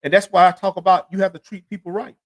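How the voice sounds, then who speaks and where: A man's voice: high voice, little pitch movement, fast. A man hosting his own podcast alone, telling rambling, profane street stories in loose, casual slang. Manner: rambling, repeats "you know what I'm saying". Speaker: podcast host. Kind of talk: solo podcast monologue.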